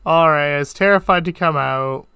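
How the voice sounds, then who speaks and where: Bright-voiced man rambling on a livestream. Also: on the high side, moderate pace, vocal fry, clean tone, no echo. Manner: rambling, full of "like" fillers and swearing. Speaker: streamer host. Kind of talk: casual livestream chat.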